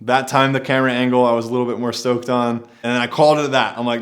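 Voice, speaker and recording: A man's voice: mid-range voice, level tone, racing, very noisy. A man telling a personal adventure story to camera in a laid-back, rambling way, often saying "like".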